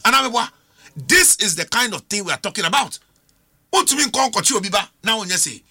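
Ghanaian guy on a political panel, high lively voice, really bright and sharp, keeps firing rhetorical questions. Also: brisk. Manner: animated, rhetorical, switches between English and Twi. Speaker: political commentator. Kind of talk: studio political discussion.

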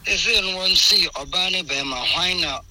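A Ghanaian man calling in to a radio show, telling a relationship story in animated fashion with code-switching. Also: high voice, measured pace, a loud crowd, poor audio. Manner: animated storytelling, voices quoted partners. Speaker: caller. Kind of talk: call-in radio chat.

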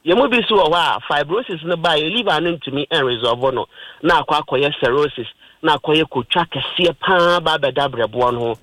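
A man's voice: a little high, fairly bright tone, no room sound, rough recording. A Ghanaian man hosting a radio health talk, explaining in plain terms and mixing in English words.

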